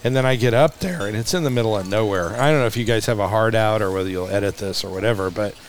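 Man telling animated stories. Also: lowish voice, fast, slight background noise. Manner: animated, acts out dialogue, laughs often. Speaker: museum managing director, podcast guest. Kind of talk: casual anecdotal storytelling.

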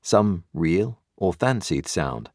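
A man narrating a classic novel with a very deep voice and a lively, shifting pitch. His delivery is measured and expressive. The recording is dry and close, with no room sound. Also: no echo. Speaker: audiobook reader.

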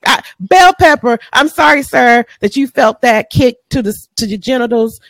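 A woman's voice: fairly high pitch, expressive, normal speed, dry recording. A woman, co-hosting a podcast, ranting bluntly and with profanity in casual chat. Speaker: podcast co-host.

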